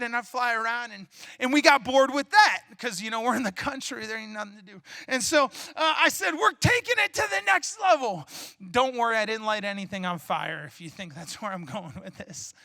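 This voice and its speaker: Male pastor, sermon, animated storytelling, very high bright voice, dry sound. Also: fairly quick, vocal fry, no room sound. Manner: animated storytelling, bursts of shouting.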